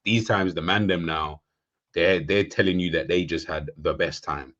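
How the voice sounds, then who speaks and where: A man's voice: deep voice, moderate pace, a bit bright. A young man in casual football banter, chatty, asking questions and building comic scenarios. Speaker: co-host. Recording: dull lo-fi mic.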